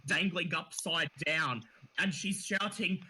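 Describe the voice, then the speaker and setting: A man narrating a tabletop game as dungeon master, halting with frequent fillers. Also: fairly high pitch, bright, forceful tone, low-quality recording.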